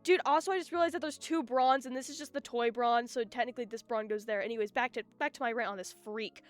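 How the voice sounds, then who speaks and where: A woman streamer chatting casually and ranting in an animated way, often cutting herself off mid-sentence. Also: a little high, quick pace, soft background music. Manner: animated, ranting, self-interrupting. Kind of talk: casual live-stream chat.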